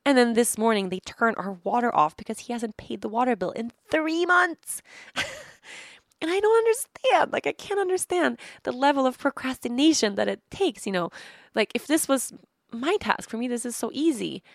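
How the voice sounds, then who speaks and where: A woman's voice: a little high, normal speed, creaky, no echo, studio quality. A woman in her thirties hosting a podcast, telling a story casually in a chatty, exasperated way with lots of fillers. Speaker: podcast host.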